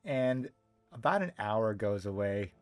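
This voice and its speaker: A man's voice: lowish voice, animated, a little slow. A man narrating a tabletop role-playing game as game master, in a rambling style full of fillers. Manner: rambling, filler-heavy description.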